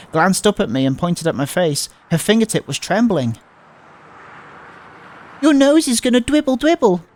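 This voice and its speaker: A man reading a visual novel aloud, voicing the panicky narrator with stumbles and fearful outbursts. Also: fairly high pitch. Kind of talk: dramatic read-aloud of a game.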